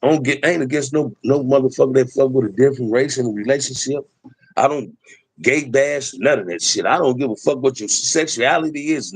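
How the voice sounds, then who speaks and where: A man's voice: mid-range voice, breathy edge, dry recording, low-quality recording. A middle-aged man, talking emphatically in a preachy street style as host of a livestream. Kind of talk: impassioned livestream talk.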